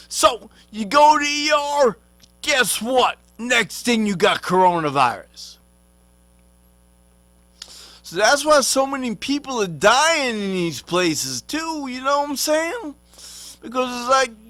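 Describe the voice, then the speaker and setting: Guy ranting slow n profane, lots of slang, talks bout himself in third person. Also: very high-pitched, lively intonation, sharp tone, no echo. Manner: rambling, street slang, swears a lot. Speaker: vlogger. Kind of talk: profane comic rant.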